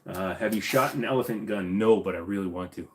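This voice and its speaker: Minnesotan male host, very low voice, blunt opinions, casual Q&A. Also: brisk. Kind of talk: casual livestream Q&A.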